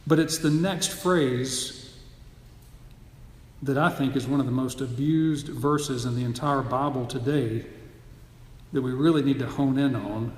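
A man's voice: mid-range voice, fairly even intonation, unhurried, pauses often. A man preaching a sermon, teaching earnestly and building to emphatic, repeated phrases. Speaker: pastor. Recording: echoey hall, long reverb.

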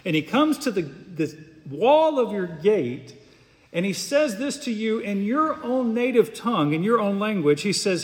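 A man's voice: high voice, big pitch swings, normal speed. A pastor preaching an earnest, emphatic sermon, often repeating words as he goes. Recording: long hall reverb.

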